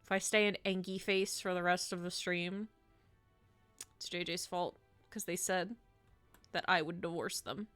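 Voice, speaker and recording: A woman streaming and chatting with viewers in a bright, sharp voice that leaps between loud mock outrage and low grumbles. She talks slowly and is recorded dry and close, with faint music behind her. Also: fairly even intonation, dry recording. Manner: playfully indignant, swinging from loud exclamations to mock-grumpy mutters. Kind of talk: casual live-stream chat.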